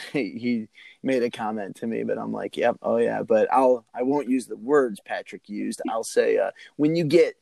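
A man's voice: medium pitch, a little slow, creaky, a little mellow, dry recording. A man hosting a podcast, talking in an earnest, rambling, motivational way. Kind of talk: casual chat.

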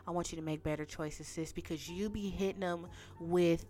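A woman hosts her podcast in a casual, ranting monologue. Her speech is slangy and animated, and she keeps speaking directly to her listeners, with faint music in the background. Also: on the low side, moderate pace. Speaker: podcast host.

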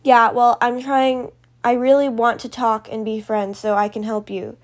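A calm, self-assured young woman speaking in a steady, matter-of-fact way, voiced by a woman reading a story aloud. The voice sits a little high and stays even-tempered. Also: normal speed, close to an everyday voice. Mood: earnest.

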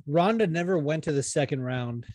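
A man in casual podcast chat about fights, talking in a profane, fast-running way with frequent restarts. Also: a little high, expressive, a little mellow, dry recording, clean studio sound.

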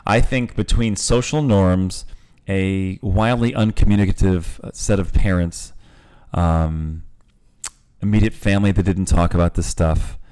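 A man's voice: low voice, steady tone, a little slow, a little mellow, smooth. A man in his forties hosting a podcast, talking candidly and joking, with some swearing. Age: 40s. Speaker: podcast host. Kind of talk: casual podcast chat.

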